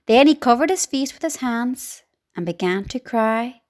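A woman reading a children's storybook aloud in an expressive, dramatic way. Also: fairly high pitch, a little slow.

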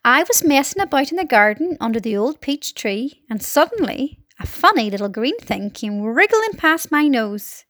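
Brief: woman doing a cocky, rascally storybook centipede, high and bouncy, crowing. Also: very animated, normal speed, hardly any pauses, no room sound, studio quality. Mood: gleeful. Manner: loud, gleeful and boastful. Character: boastful cheeky male centipede.

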